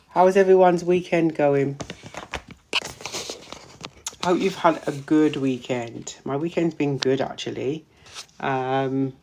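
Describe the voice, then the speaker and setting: A woman who is a menopause wellness practitioner hosts a casual live stream, greeting viewers by name and repeating herself. Her bass voice is warm, though it's starting to go hoarse.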